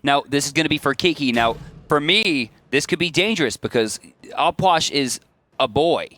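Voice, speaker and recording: A man's voice: fairly high pitch, animated, normal speed, fairly bright tone. A young man casting an esports match, playful and teasing, laughing often as he breaks down picks and builds. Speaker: esports caster. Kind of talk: joking esports commentary.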